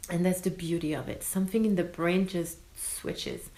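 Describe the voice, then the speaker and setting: A woman's voice: lowish voice, normal speed, echoey room, low-quality recording. A woman in her thirties from France with a French accent, chatting expressively to her vlog audience as a mother. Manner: expressive, sprinkles in French words. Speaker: vlogger. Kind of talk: casual vlog talk.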